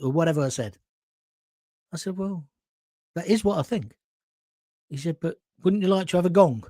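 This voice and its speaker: A man's voice: fairly high pitch, moderate pace, long pauses, dark tone, dry recording, clean studio sound. A middle-aged man hosting, telling a rambling story with frequent swearing, restarts and asides. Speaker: host. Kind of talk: casual storytelling monologue.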